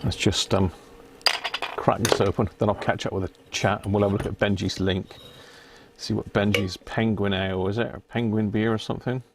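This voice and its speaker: A man's voice: lowish voice, level tone, brisk, noisy background. A British man hosting a casual live stream, chatty and jokey, often reading labels aloud as he goes. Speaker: radio repair live-stream host.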